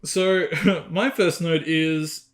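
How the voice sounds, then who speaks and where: A man's voice: fairly high pitch, very slow. A man co-hosting a casual film review podcast, joking and laughing often. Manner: laughs often, jokey, animated. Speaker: podcast co-host.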